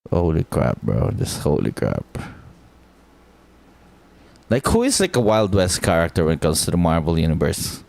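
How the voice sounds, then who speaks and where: A man's voice: deep voice, expressive, fairly quick, gravelly, few pauses, a little mellow. A man streaming live, chatting casually and thinking aloud, swearing freely and filling his talk with "like".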